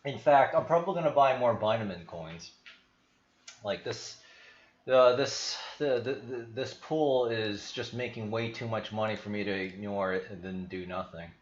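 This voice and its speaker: A man's voice: on the low side, normal speed, roomy sound, highs cut off. A man chatting casually on a stream about markets, slightly out of breath, wandering from thought to thought with lots of restarts. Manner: meandering, many restarts, thinks aloud. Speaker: crypto and stock market streamer. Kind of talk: casual rambling livestream talk.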